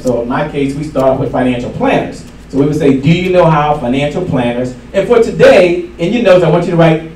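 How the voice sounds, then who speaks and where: A man giving a live sales seminar to an audience, energetic and repeating his key lines for emphasis. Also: fairly high pitch. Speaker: sales trainer. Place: event room with an audience. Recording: echoey room from far off, faint hiss.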